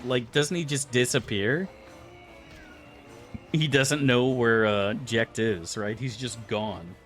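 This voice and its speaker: A male game streamer talks loosely to his chat, swearing freely and wandering from one tangent to the next. His pitch sits in an ordinary middle range, and faint game music plays underneath. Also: a bit bright. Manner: crude, profane, rambling asides to chat. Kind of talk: casual live-stream chat.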